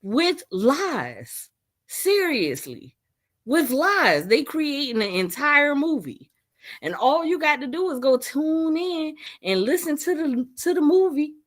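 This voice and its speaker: A young woman giving animated, incredulous casual commentary in a vlog, often laughing. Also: sits high, slow pace. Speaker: vlogger.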